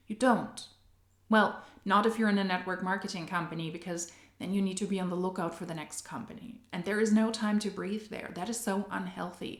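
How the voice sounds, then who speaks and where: Blunt woman commentator, echoey room. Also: medium pitch. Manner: questioning, blunt, rhetorical. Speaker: commentary video host. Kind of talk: critical commentary.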